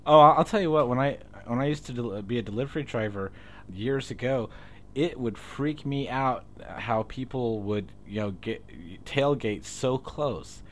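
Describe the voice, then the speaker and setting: A man's voice: medium pitch, normal speed, a bit bright. A man co-hosting a podcast, telling personal stories in an easygoing way and laughing often. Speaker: podcast co-host. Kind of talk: casual chat.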